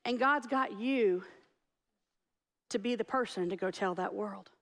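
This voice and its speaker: A middle-aged woman, preaching a lively sermon as pastor and telling stories. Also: medium pitch, a little slow. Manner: animated, storytelling with acted-out quotes.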